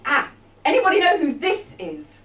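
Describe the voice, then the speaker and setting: A woman's voice: extremely high pitch, sing-song, normal speed, a bit bright. A woman performing a live comic show, chatting with the audience in a wry, teasing way, on an arts venue stage, recorded from far off in an echoey hall.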